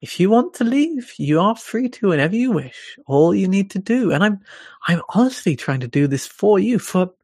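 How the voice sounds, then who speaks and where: Eerie smiling woman keeper of a ruined park, put on by a game master; higher-pitched, soft, persuasive, dry close recording. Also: big pitch swings, moderate pace, slightly rough, no room sound. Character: eerie welcoming woman who runs an abandoned park. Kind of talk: tabletop role-play character voice.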